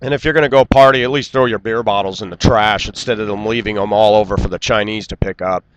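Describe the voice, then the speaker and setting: A man delivering an indignant, lecturing rant straight to camera and clearing his throat now and then. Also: lowish voice, fairly even intonation, fast, lo-fi sound, a little hiss or hum. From United States. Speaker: vlogger. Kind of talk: ranting monologue.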